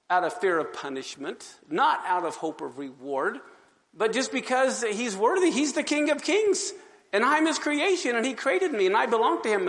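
A man giving his testimony to an audience as an animated storyteller who acts out the scenes. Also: extremely high pitch, vocal fry, in a large hall. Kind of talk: sermon-style testimony.

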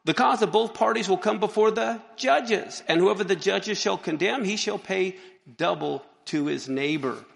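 A man preaching a sermon to his congregation, animated and joking, reading verses and pausing to exclaim. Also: high voice, vocal fry. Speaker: pastor. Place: church sanctuary. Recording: long hall reverb.

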